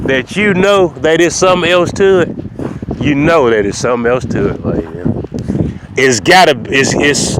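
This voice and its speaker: Man rambling outdoors, kinda high voice, loud traffic behind him, keeps saying ladies and gentlemen. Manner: rambling, repeats "ladies and gentlemen", drops low and soft on asides. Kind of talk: casual spoken monologue.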